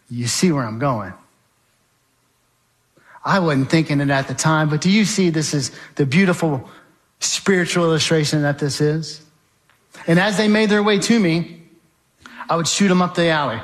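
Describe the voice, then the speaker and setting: A man with a somewhat high voice recounts his story in a dramatic, storytelling way. He is vivid and emphatic and often turns to the audience. His delivery is lively and direct. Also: normal speed, pauses often. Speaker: speaker giving a testimony.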